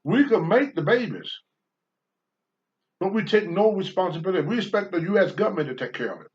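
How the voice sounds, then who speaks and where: A man's voice: sits high, lively intonation, a little fast, muffled recording. An older man hosting a talk show, answering viewer questions in a blunt, preachy monologue and swearing freely.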